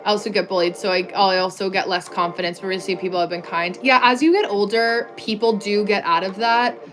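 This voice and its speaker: A woman's voice: medium pitch, fairly even intonation, fairly quick, a bit bright, soft background music. A young woman from the United States hosting a casual livestream, reading viewer comments and answering them in a chatty way, full of "like" fillers, on a clip-on mic. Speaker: livestream host.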